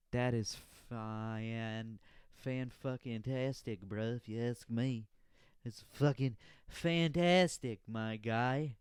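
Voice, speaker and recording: A man's voice: mid-range voice, smooth, no room sound, studio quality. A young man hosting his own podcast, rambling casually with lots of swearing and laughing at his own jokes. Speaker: podcast host. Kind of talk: casual solo podcast chat.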